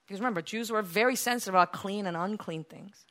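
Bright-voiced woman preaching with passion. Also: mid-range voice, fast talker. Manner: builds from quiet storytelling to loud impassioned preaching. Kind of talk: sermon.

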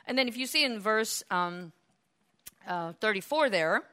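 A woman preaching a sermon, animated, acting out the voices of the people in her story. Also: mid-range voice, measured pace, smooth. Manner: animated, acts out voices of biblical figures.

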